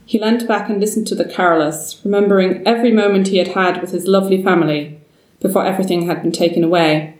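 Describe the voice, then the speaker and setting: A woman's voice: mid-range voice, steady tone, fast, darkish tone. Woman reading a story from afar. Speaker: narrator. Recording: roomy, distant mic.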